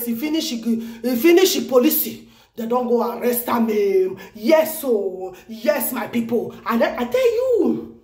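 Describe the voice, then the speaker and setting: A Nigerian woman vlogging news commentary in an excited, exclamatory way, repeating phrases for emphasis. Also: high-pitched, echoey room. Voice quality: animated, exclamatory, repeats herself.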